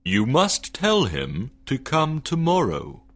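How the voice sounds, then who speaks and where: A woman voicing a big, kind, lonely male giant who grows old, in a storybook reading for English learners, speaking slowly and deeply. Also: huge pitch swings, exaggerated voice. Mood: longing. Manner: slow, deep, booming.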